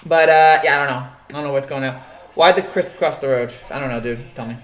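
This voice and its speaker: A man's voice: mid-range voice, fast, reverberant. A man hosting a casual live sports show, rambling and joking as he answers the chat, with many restarts and fillers.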